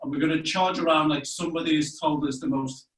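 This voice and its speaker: A man leading children through a playful movement game, coaxing and animated, breaking into loud playful moos. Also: fairly high pitch, quick pace. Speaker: children's activity leader. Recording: echoey room, mic far off.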